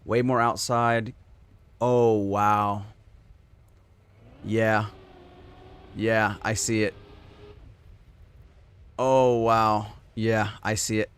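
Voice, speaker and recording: A man live-streaming a racing game, reacting with excited, swearing, laughing commentary as he plays and chats. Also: lowish voice, drawn-out words, pauses often, clean tone. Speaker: gaming streamer.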